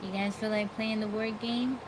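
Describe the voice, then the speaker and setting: A woman hosting a casual live stream, chatting with viewers and greeting them by name, recorded on a phone in a quiet room at home. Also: mid-range voice, fairly even intonation, normal speed, noisy background. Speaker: livestream host.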